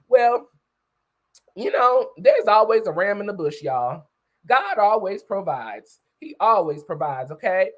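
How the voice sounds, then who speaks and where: A woman hosting a livestream, casually retelling a story with her voice not yet warmed up, often tagging her sentences with "okay?" and "you know". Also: mid-range voice, very animated, normal speed, poor audio. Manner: greets viewers by name while talking. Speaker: livestream host.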